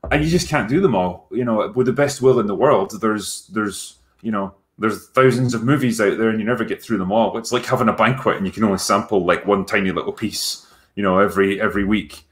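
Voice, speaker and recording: A Scottish man hosting a casual livestream Q&A as a film critic, relaxed and rambling with frequent ums and casual swearing. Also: fairly low pitch, fairly quick. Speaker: YouTube film critic and host.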